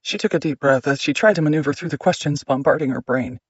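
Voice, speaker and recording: A man narrating an audiobook in a measured, steady reading. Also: on the high side, breathy edge, dry recording, dull audio.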